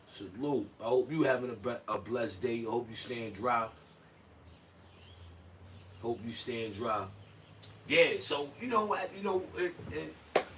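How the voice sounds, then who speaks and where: In a medium-pitched, slightly bright voice, a male host rambles through casual stream commentary, using loose slang and acting out quoted remarks. Faint room noise comes through the distant mic.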